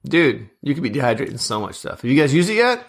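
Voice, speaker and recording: A man in his thirties co-hosts a sports podcast in a loose, joking way, rattling off numbers between jokes. His voice sits at a middle pitch. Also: sing-song, fast, slightly rough. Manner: chatty, joking, reads out stats. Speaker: podcast co-host. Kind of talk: casual sports chat.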